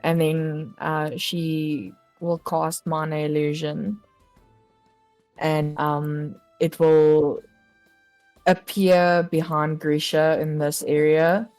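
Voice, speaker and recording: A woman player describing her character's actions in a tabletop game, hesitant and unhurried. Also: deep voice, flat delivery, a little mellow, soft background music.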